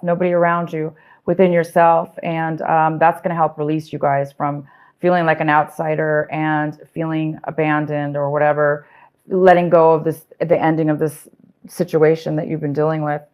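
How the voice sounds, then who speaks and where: A woman in a casual tarot reading, her voice sitting a little low and going hoarse. She rambles, circles back on her words and fills pauses with ums. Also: lo-fi sound. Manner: rambling, many fillers and restarts. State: losing her voice. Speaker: tarot reader.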